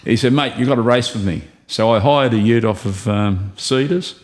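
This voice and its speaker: A man's voice: mid-range voice, normal speed. An Australian man telling rambling racing anecdotes in a casual interview, often chuckling as he goes. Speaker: guest, racing driver. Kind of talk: casual storytelling chat.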